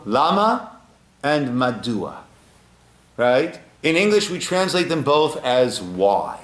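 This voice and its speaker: A man's voice: mid-range voice, slow, roomy sound. A male rabbi giving a Torah class, quoting Hebrew and asking his listeners questions. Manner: lively teaching with rhetorical questions and Hebrew quotes. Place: synagogue.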